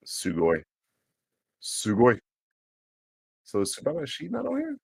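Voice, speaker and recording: A man's voice: medium pitch, wildly swooping pitch, a little slow, gravelly, darkish tone, husky, dry recording. A man streaming, chatting casually, swearing freely and sounding out foreign words syllable by syllable. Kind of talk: casual livestream chat.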